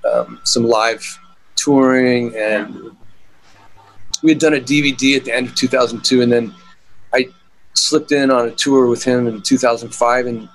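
A middle-aged guitarist tells stories in a casual interview, wandering off track with plenty of fillers and false starts. He has a medium-pitched, steady voice and a moderate pace broken by long pauses, captured on a rough recording.

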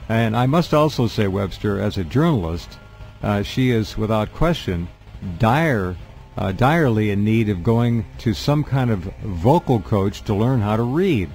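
A man with a fairly low voice hosts a talk radio interview. He is blunt and opinionated, and he keeps the guest going with short acknowledgments. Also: animated, measured pace, a little mellow, faint music behind. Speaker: radio host.

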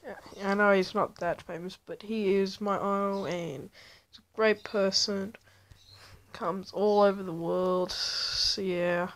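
A woman's voice: mid-range voice, fairly even intonation, slow pace, poor audio. A woman chatting casually in a rambling, self-deprecating way as she ranks her favorite video makers. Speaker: YouTube vlogger. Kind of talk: casual vlog commentary.

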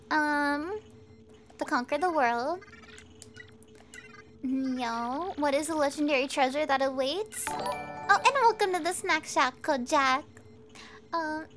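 A VTuber streamer with a high, fairly bright voice chats casually with her viewers while playing a video game, and there's a little hiss or hum in the audio. She swears and laughs often throughout her gameplay commentary.

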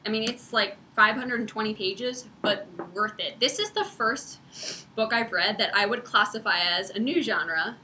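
Bright, chatty young woman host. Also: mid-range voice, normal speed, a little hiss or hum. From Ohio, United States. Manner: chatty, upbeat, uses "like" a lot. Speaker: co-host of a book chat livestream. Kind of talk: casual chat.

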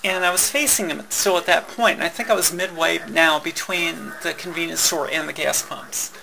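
A woman telling a personal story in a halting way, with many fillers, restarts and wry laughs. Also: lowish voice, steady tone, creaky, crowd noise, rough recording.

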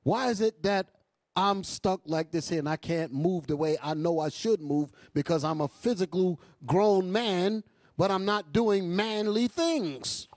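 Preacher doing a fed-up grown man, asking himself whats wrong, high pleading voice, dry sound. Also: unhurried, darkish tone, dry recording. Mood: anguished. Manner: pleading, rising questions. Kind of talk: sermon.

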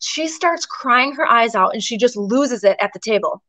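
A woman tells a personal story as an interview guest, chatty and animated, her talk full of fillers. Her voice sits a little higher than most, and she keeps the pace of relaxed conversation. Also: moderate pace, rough recording.

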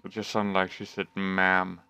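A man hosting a gaming channel, giving let's play commentary with loud, sweary reactions to the game. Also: fairly low pitch, slow.

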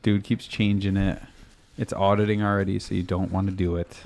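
Male podcast host, low and gravelly, loose joking chat. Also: little pitch movement, fairly quick, darkish tone. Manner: laid-back, jokey storytelling with quoted voices. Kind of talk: casual chat.

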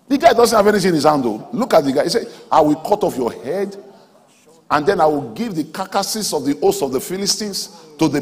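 Husky preacher man, booming in a hall. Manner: emphatic, swings between soft asides and loud exhortation. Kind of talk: sermon. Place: large auditorium. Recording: hall reverb from a large auditorium.

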